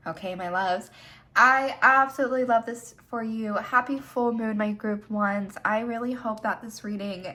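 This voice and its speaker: A woman's voice: fairly high pitch, normal speed, bright, forceful tone. A woman hosting a casual pick-a-card tarot reading, talking straight to her viewers while seated on camera and gushing with affection for them. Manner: gushing and effusive, addresses viewers as "my loves". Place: seated indoors, filming herself.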